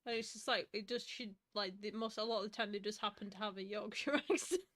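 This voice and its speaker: A woman chips into a casual chat in a mid-pitched voice. She giggles a lot and throws in teasing remarks. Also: fast, a bit bright. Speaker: co-host.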